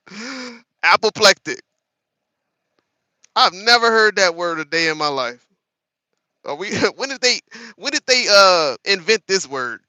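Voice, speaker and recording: A man in his thirties hosting a casual live-stream commentary, animated and laughing as he talks to his chat. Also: sits high, no room sound. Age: 30s. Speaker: host.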